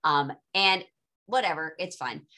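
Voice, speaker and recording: A woman's voice: low voice, measured pace, pushed and bright. A woman teaching a casual live online lecture, talking informally and chattily with dry, sarcastic asides.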